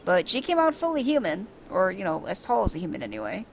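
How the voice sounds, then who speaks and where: A woman's voice: medium pitch, huge pitch swings, fast, a little hiss or hum. A woman casually describing a game's scenes aloud for blind viewers, chatty and descriptive with amused asides. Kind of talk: casual descriptive gameplay commentary. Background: faint game music.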